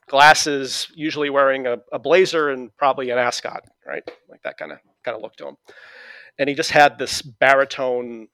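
A middle-aged man with a New England accent tells stories in relaxed conversation, stopping often on fillers and restarts. His voice sits at an everyday pitch and sounds dry and close to the mic. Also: clean tone, dry recording. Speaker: interview guest. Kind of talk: conversational reminiscing.

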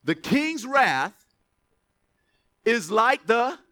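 A man preaching a sermon as pastor, reading verses slowly with emphasis, then dropping into quick asides to the church. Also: extremely high pitch. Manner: animated, stretches scripture words for emphasis, drops to asides.

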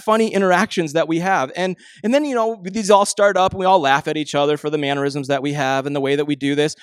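Young male pastor, casual storytelling sermon, slightly high voice, dry close sound. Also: smooth, no echo. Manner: conversational storytelling, animated impressions of family; slows and softens for emphasis.

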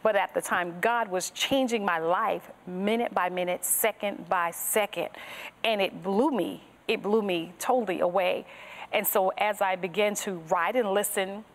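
A woman's voice: medium pitch, steady tone, measured pace. A woman guest on a podcast interview, sharing her personal faith testimony in an earnest storytelling manner that strings thoughts together with "and so".

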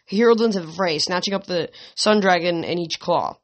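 Narrator, amateur audiobook reading, stumbles and restarts, mid pitch. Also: a little fast. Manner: reads with slips and restarts.

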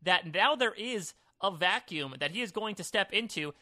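A man's voice: high voice, lively intonation, normal speed, bright, forceful tone, no room sound. A man co-hosting a podcast in casual recap chat, with wry, playful asides. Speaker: podcast co-host.

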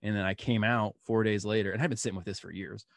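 A man being interviewed, telling personal stories in an animated way and laughing as he goes. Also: lowish voice, fast talker, no room sound, clean studio sound. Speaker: guest. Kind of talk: storytelling interview.

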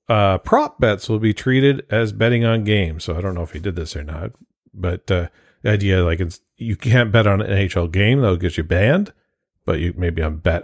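A man's voice: low-pitched, a little fast, darkish tone, no echo, studio quality. A man co-hosting a casual sports podcast, joking around and explaining the news at length. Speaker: podcast co-host.

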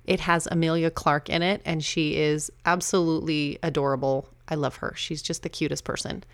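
A middle-aged woman hosting her own podcast, talking casually and chattily with quick asides and laughs at herself. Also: deep voice, fairly even intonation, no room sound. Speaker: podcast host. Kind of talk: casual solo podcast talk.

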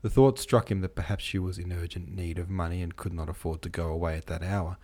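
Deep-voiced male audiobook narrator. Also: steady tone, quick pace, warm tone. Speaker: audiobook narrator and podcast host. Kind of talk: scripted narration of a classic novel.

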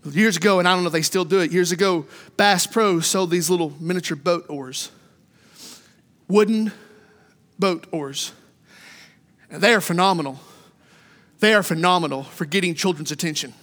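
A middle-aged man preaching a sermon, animated in his storytelling and repeating his phrases. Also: high-pitched, moderate pace, long pauses. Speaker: pastor. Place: church sanctuary. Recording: long reverb of a church hall.

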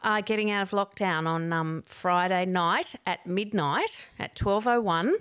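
A woman's voice: medium pitch, expressive, measured pace, fairly bright tone, smooth, dry recording, clean studio sound. A woman hosting a podcast from a garden shed, chatting casually and laughing often. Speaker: podcast host. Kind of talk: casual chat.

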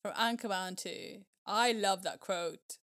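An unhurried woman in easy conversation, laughing often as she talks. Her retelling of favourite scenes turns lively and exclamatory. Her words come at a relaxed, slow pace. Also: medium pitch. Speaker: podcast co-host. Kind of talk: casual chat.

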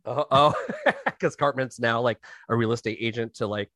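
A man's voice: medium pitch, normal speed, bright, forceful tone, no room sound, studio quality. A man co-hosting a podcast in casual chat, joking around and telling stories with animation. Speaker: podcast co-host.

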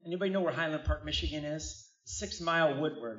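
A middle-aged man preaching a sermon, telling a personal story with lively asides to the congregation. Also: a little high, fairly quick. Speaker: pastor. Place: church hall. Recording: roomy, distant, dull church recording.

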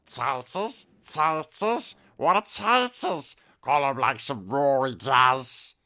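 A man putting on the voice of a scrawny, obsessive cave creature with a hissing, drawn-out delivery. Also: medium pitch, lively intonation, pushed and bright.

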